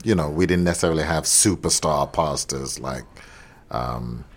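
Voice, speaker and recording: A man with a London accent speaks in a very deep, low register. He is a pastor who is a guest on a podcast, and he answers politely with measured replies. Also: slight background noise. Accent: London English. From England. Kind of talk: podcast interview.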